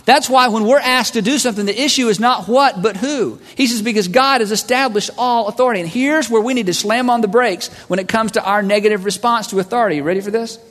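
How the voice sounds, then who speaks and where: A man preaching a sermon as a pastor, animated and acting out voices of listeners and God. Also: high voice, quick pace, few pauses. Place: large church hall. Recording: long hall reverb.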